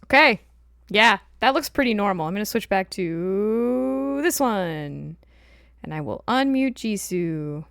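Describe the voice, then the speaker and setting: A woman hosting a casual stream, chatting in an animated way and laughing often as she explains things from her home setup. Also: medium pitch, slow pace, gravelly, smooth, dry recording, clean studio sound. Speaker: streamer host.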